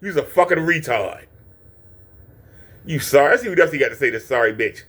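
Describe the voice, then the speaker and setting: A man's voice: fairly high pitch, animated, a little fast, a bit bright, husky. Foul-mouthed man ranting and taunting. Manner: taunting, insulting, preachy. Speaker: channel host reacting to a clip. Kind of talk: profane reaction rant.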